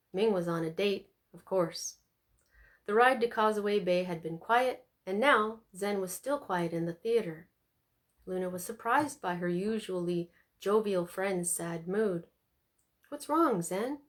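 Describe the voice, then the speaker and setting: A woman reading an audiobook aloud in an expressive, animated way, doing the characters' voices. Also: mid-range voice. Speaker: audiobook narrator. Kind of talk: scripted narration.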